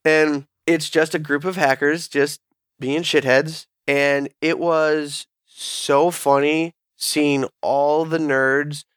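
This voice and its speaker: A podcast host with a slightly high voice, telling stories in a crude, joking, animated way. The mic is close and dry, with no room sound at all. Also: male voice, slow pace, clear, resonant tone, no room sound. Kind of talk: casual podcast banter.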